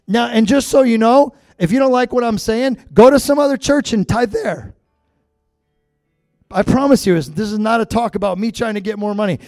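A man's voice: very high-pitched, normal speed, a little mellow, no room sound, clean studio sound, faint music behind. A middle-aged man preaching a sermon as pastor, talking straight to the congregation in a conversational way with frequent asides.

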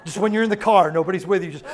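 A man preaching a sermon in an animated way, acting out quotes and laughing often. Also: high-pitched, heavy background noise. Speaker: pastor.

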